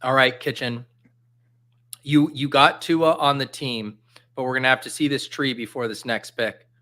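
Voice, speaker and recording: A man hosts a casual chat in an excitable way, breaking into laughter often. His pitch sits in the middle range for a man, and his speech stays loose and playful. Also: normal speed. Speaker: host.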